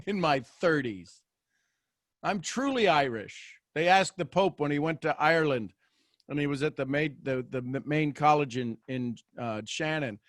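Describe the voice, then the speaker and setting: Over a video call, a man with a fairly high voice hosts a motivational live show for an online audience, unhurried, animated and joking while often restarting his lines. The sound is dry and close with no echo.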